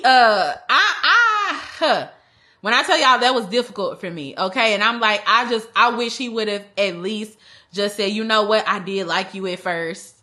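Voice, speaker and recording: A young woman telling a personal story in a casual, animated way, using slang and acting out the other people. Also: high voice. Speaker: vlogger. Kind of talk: storytime vlog.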